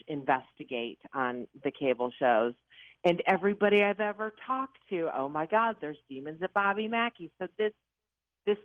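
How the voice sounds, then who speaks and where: A woman in her fifties from the Chicago area recounts her ghost encounters with lively drama and self-mocking humor. Her voice comes through a thin, phone-like line with no room sound at all. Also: sits low, no room sound. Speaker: paranormal investigator guest. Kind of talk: animated storytelling interview. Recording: tinny phone-like line, dry.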